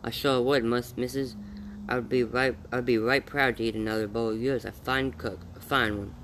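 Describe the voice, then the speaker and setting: A weary drifter, hungry and grateful, answers in humble rural talk, read by a man. His voice sits at an ordinary middle pitch for a storybook reading. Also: steady tone, normal speed, a bit bright, a little hiss or hum, close to an everyday voice, rough recording. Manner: folksy rural speech, eager and polite.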